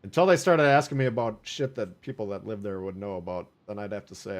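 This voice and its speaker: A man's voice: lowish voice, moderate pace. Chatty male game streamer. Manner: casual, chatty, swears, laughs at own jokes. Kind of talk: live gameplay commentary.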